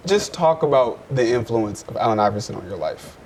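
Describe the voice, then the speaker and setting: A man interviewing a college athlete, conversational and quick with agreeing interjections. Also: medium pitch, big pitch swings, darkish tone, a little hiss or hum. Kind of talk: sports interview.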